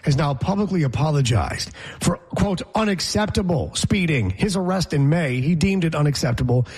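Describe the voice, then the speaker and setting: A man's voice: a little high, lively intonation, normal speed, a little mellow, a little hiss or hum. A man co-hosting a sports talk show, chatting casually and quizzing his co-host with opinions. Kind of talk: casual sports radio chat.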